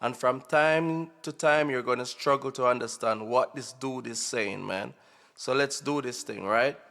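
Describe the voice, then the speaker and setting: A man with a medium-pitched, bright, forceful voice and some vocal fry gives an unscripted, casual drum kit tutorial. He speaks slowly and informally, repeatedly asking "right?" The recording has a long, hall-like reverb.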